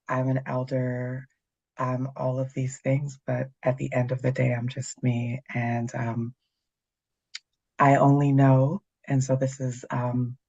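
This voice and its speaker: A woman's voice: rumbling low, darkish tone. Middle-aged woman from canada chatting as a guest, blunt and funny, bit muffled audio. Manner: candid, dry humor. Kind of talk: casual conversation.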